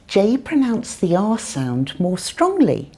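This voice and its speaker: A British woman with a non-rhotic accent teaching pronunciation, modelling words clearly and carefully. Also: mid-range voice, wildly swooping pitch, takes it slowly, mellow. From Britain. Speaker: English teacher, co-host. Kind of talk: scripted pronunciation lesson.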